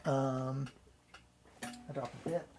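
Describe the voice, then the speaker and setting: A man's voice: mid-range voice, flat delivery, slow, darkish tone, a little hiss or hum. A man hosting a morning hobby livestream, chatting casually in a meandering way, laughing often and swearing freely. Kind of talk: casual rambling chat.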